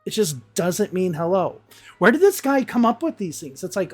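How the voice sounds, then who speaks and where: A woman's voice: mid-range voice, sing-song, moderate pace, soft background music. A woman English teacher giving casual reaction commentary, blunt and exasperated and swearing freely.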